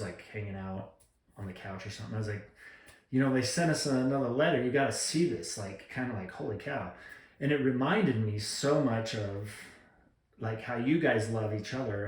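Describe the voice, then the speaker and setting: A man speaks earnestly into a camera mic, rambling through a reflective gratitude vlog with plenty of ums and restarts. His voice sits in a middling range. The room around him is noticeably echoey. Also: medium pitch. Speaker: vlogger. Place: room at home.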